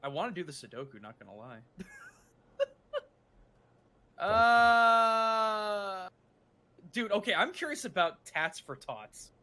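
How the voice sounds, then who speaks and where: A man co-hosting a stream, reading a paper aloud with halting restarts and joking asides. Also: high voice, sing-song, sharp tone. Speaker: stream co-host reading a fan newspaper aloud. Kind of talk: casual chat and reading aloud.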